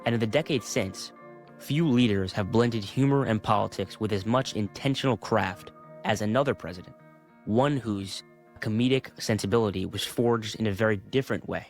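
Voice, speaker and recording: A man reading scripted documentary narration in a smooth, even manner. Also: lowish voice, normal speed, soft background music.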